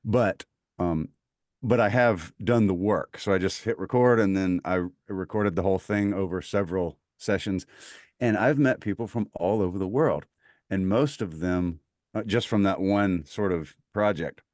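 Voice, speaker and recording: A man's voice: low-pitched, moderate pace, a little mellow, no room sound, studio quality. A man from Mississippi with a Southern accent, talking enthusiastically as a podcast guest, rambling with lots of fillers. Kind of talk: casual conversation.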